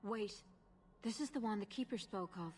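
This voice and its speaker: An actress voicing a brisk, formal elf scout in a video game. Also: female voice, medium pitch, darkish tone, faint music behind, lightly acted.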